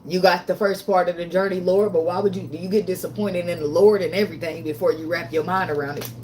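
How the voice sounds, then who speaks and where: A woman's voice: on the low side, fairly even intonation, quick pace, a little mellow, a little hiss or hum. A woman doing a casual tarot reading vlog, talking bluntly with lots of swearing, getting emotional and laughing often. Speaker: tarot reader.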